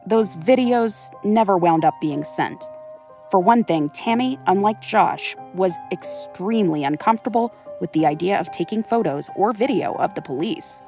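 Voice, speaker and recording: A woman's voice: mid-range voice, animated, moderate pace, darkish tone, faint music behind. A woman host giving scripted, suspenseful narration of a true story.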